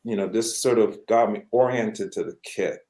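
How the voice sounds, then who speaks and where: A middle-aged man from Canada, a guest musician telling stories in a conversational, animated way. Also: on the low side, moderate pace. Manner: animated, acts out quoted voices. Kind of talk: conversational storytelling. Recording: echoey room.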